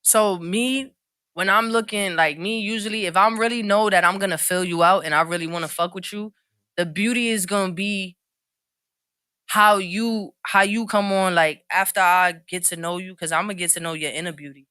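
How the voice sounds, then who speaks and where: Woman podcast guest, bright voice, streetwise, rambling candid chat, dry close sound. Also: medium pitch, fairly even intonation, normal speed, smooth, no room sound. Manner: street slang, loose and candid; rambling, restarts often. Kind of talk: casual panel chat.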